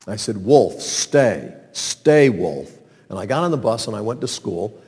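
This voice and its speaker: A man from North Carolina telling a personal story to an audience in an animated, sermon-like way. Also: lowish voice, slightly rough. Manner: animated storyteller, acts out calls and sounds. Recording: long reverb of a large hall.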